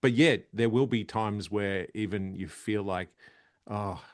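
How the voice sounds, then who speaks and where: Australian man, comedian guest, animated storytelling, low voice. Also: a little slow, dry recording, studio quality. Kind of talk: casual interview chat.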